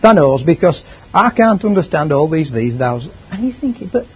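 Husky, lively high-voiced male preacher. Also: moderate pace. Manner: conversational, chatty, drifts into asides. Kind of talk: sermon. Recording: dull lo-fi recording.

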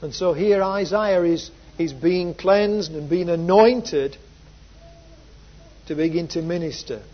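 A man preaching a sermon, moving from soft reflective passages to loud, emphatic repeated phrases. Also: high voice, slow. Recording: dull lo-fi sound.

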